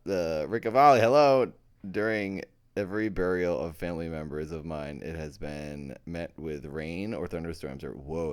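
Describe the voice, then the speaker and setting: A man's voice: low voice, a little mellow, clear, resonant tone. A man reading ghost stories aloud on a live stream and chatting with his viewers, playful, easily amused and poking fun at himself.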